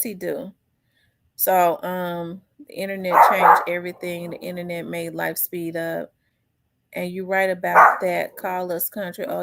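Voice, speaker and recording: The Memphis host, a middle-aged Southern woman, has a creaky, slightly bright medium-pitched voice, recorded with slight background noise. She chats loosely through her commentary, responding to viewer comments amid plenty of fillers and restarts.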